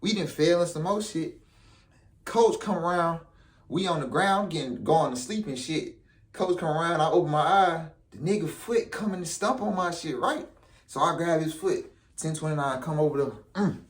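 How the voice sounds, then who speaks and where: A man's voice: on the high side, moderate pace. A young man telling a story in casual vlog style, with profane street slang. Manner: animated, profane street slang, acts out quotes. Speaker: vlogger.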